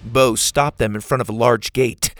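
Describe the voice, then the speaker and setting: A man narrating a children's adventure story, with lively reading that jumps up loud and high for the characters' shouts. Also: moderate pace, faint music behind.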